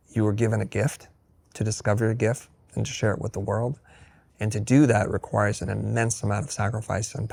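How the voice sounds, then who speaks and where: Guy with a low gravelly voice, guest on a chat show, acts out the back-and-forth, blunt and kinda dry-funny. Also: no echo. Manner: animated storyteller acting out quoted dialogue; blunt, wry humor. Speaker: podcast guest. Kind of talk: candid interview conversation.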